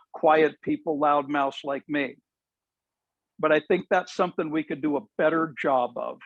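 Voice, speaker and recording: Animated self-mocking man telling stories. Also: a little high, no echo, lo-fi sound. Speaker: soccer referee. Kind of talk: storytelling at a meeting.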